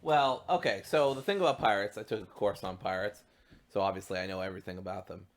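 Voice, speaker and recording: A young man talking casually over a game, chatty and animated, rambling with ums. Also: lowish voice, fast. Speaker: streamer. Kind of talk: casual gameplay commentary.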